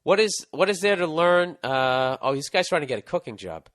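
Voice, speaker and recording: A man's voice: fairly high pitch, moderate pace. Profane, ranting middle-aged Boston man. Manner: profane, ranting, animated storytelling. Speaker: podcast host reading listener mail. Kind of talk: casual advice podcast.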